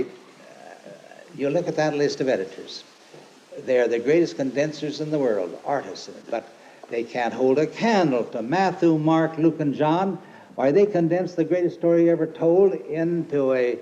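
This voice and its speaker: A man's voice: mid-range voice, warm tone. Older man giving a folksy sermon on old tape. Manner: rambling, folksy, emphatic when quoting scripture. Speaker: lay preacher and teacher. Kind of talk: informal sermon. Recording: dull lo-fi archive recording with faint hiss.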